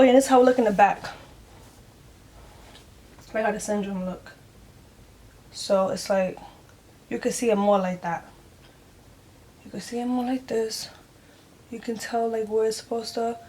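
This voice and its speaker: Warm and a little high, her voice moves at a normal speed with long pauses, and a faint hiss or hum sits underneath. She's vlogging a casual story for her viewers, speaking openly, earnestly, and emotionally, full of "like" and "y'all."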